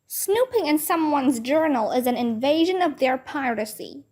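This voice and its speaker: High squeaky feisty kid girl, all huffy protests, woman reading it out, storybook. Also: animated, moderate pace. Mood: indignant. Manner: indignant, loud, stamping protests. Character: feisty bossy little first-grade girl. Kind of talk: children's book read-aloud.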